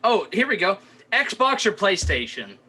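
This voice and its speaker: A man's voice: high voice, big pitch swings, unhurried, sharp tone, breathy edge, low-quality recording. A young man co-hosting a podcast, chatting casually and rambling with lots of "like" and restarts. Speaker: podcast co-host. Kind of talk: casual chat.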